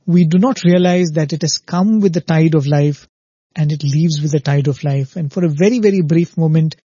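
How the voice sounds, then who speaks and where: A man's voice: a little high, mellow, breathy edge, dry recording, dull audio. A man giving a reflective spiritual talk, telling a parable and often checking in with "right?" and repeated "very, very". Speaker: spiritual speaker.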